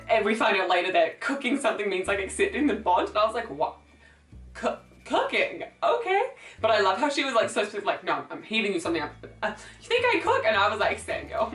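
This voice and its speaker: A young woman in a casual book review vlog, rambling with lots of fillers and acting out characters' lines as she retells scenes. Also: fairly high pitch. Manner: rambling, filler-heavy, animated retelling with quoted voices. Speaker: book vlogger. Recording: roomy echo, voice a little far from the mic, faint music.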